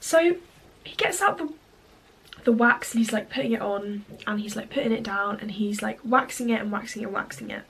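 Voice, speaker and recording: A woman's voice: medium pitch, brisk, creaky, a bit bright, slight background noise. A young woman chatting through a storytime vlog, rambling and saying "like" a lot. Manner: chatty, rambling, heavy use of "like". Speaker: vlogger.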